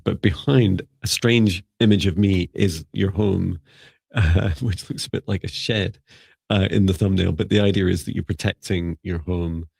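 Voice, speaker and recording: A man with a very low, gravelly and husky voice hosts a live psychic reading stream. He gives soft, meandering spiritual guidance full of fillers. His voice is close and dry, with no room sound. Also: dry recording. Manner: gentle, rambling advice with many fillers. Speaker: psychic mentor and co-host.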